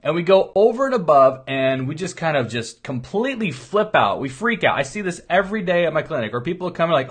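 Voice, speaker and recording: Middle-aged chiropractor, man, slightly high voice; earnest, rambling motivational monologue. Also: big pitch swings, a little fast, few pauses, husky. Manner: earnest, rambling conversational storytelling.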